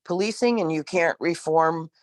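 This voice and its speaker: A man who once worked as a corrections nurse, telling stories in a casual discussion with emphatic, animated delivery and frequent laughs. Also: fairly high pitch, normal speed, no echo. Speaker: former corrections nurse, guest.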